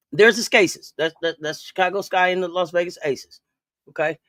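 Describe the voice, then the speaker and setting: A man's voice: sits high, a little slow, a bit bright, no room sound. A man hosting a casual sports talk stream, playful and repetitive, laughing often. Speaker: podcast host.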